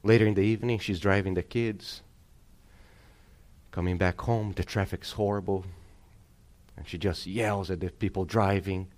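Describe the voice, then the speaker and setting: A man's voice: sits low, fairly even intonation, normal speed, long pauses, darkish tone. A male pastor delivering a sermon, preaching emphatically and calling on the congregation for amens.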